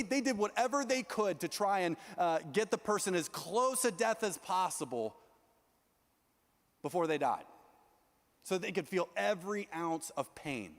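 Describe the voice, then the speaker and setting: A young man preaching a sermon as youth pastor, earnest and animated, often restarting his sentences. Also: sits high, unhurried, long pauses, big-room sound.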